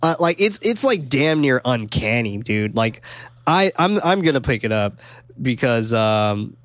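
A man in a loose, animated movie chat who swears freely and jumps into quoting characters. His voice sits in an ordinary middle range. The sound is close and dry, with no room around it. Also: mid-range voice, unhurried, dry recording. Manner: animated, swears a lot, acts out quotes. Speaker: podcast co-host. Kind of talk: casual movie discussion.

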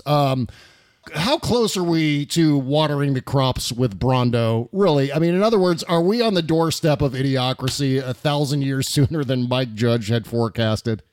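A man's voice: a little high, dry recording. Chatty man host, close dry mic. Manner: laughs often, chatty, filler-heavy. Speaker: podcast host. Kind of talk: casual interview chat.

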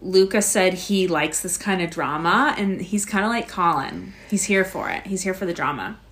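A woman's voice: on the low side, normal speed, a bit bright. A woman co-hosting a podcast, casually recapping an episode and filling her talk with "like" and "so". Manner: chatty, narrating events with frequent "like" and "so". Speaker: podcast co-host.

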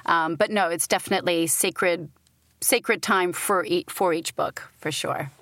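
A woman's voice: on the low side, unhurried, fairly bright tone, dry recording. A middle-aged woman from Britain, an audiobook narrator, telling stories animatedly and laughing often in a casual interview.

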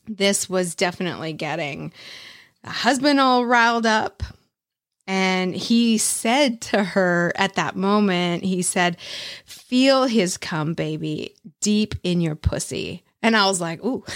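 A woman hosting her own podcast in a frank, casual chat, swearing without a second thought and breaking into laughter often. Her voice sits at an ordinary middle pitch, and the recording is close and dry with no room sound. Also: dry recording. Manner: candid and blunt, swears freely, laughs often. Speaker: podcast host. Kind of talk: casual solo review chat.

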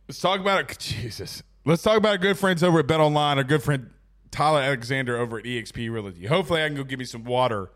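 A man's voice: medium pitch, a bit bright. A man hosting a casual live sports talk show, reading out viewer comments in a loose, chatty way while fighting the hiccups.

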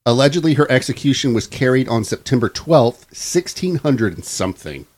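A young man co-hosting a casual podcast, reading out a local legend in a relaxed way and laughing often. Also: medium pitch, normal speed. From Florida. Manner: laid-back, laughs often. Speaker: podcast co-host.

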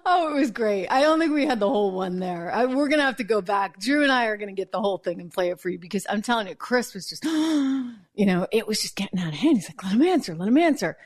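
A woman hosting a political commentary show, telling stories in a chatty, animated way. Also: medium pitch, quick pace. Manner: chatty, animated storytelling with laughs. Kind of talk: casual news commentary.

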